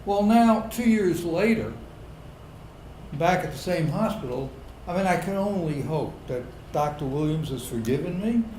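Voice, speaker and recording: A middle-aged man telling a comic personal story on a pub stage to a live audience, building to loud indignant outbursts. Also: on the high side, animated, normal speed, echoey room, a little hiss or hum, poor audio.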